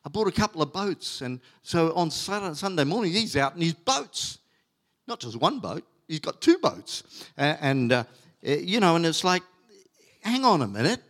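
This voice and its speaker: A middle-aged man preaches a sermon from the pulpit. His voice sits a little high for a man. He leans hard on key words and stretches them out, with plenty of fillers and restarts in between. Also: sing-song, normal speed, a bit bright. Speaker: pastor.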